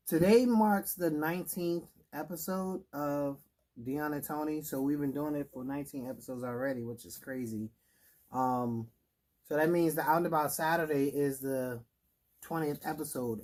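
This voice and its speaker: Male co-host, relaxed rambling delivery, full of fillers, from the D.C. area. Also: mid-range voice. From Washington, D.C. area. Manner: loose and rambling, with many fillers. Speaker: podcast co-host. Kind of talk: casual chat.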